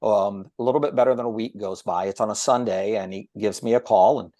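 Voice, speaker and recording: A man guest on a podcast, telling a story about his broadcasting start in a lively, chatty way and acting out what others said. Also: fairly low pitch, a little fast, no room sound. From Ohio. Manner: animated storyteller who acts out quoted voices. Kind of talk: storytelling in casual chat.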